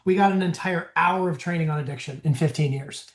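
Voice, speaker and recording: A man's voice: fairly high pitch, fairly quick. A man, a physician, giving a casual continuing-education lecture in a conversational, bantering way. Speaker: physician presenter. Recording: echoey room.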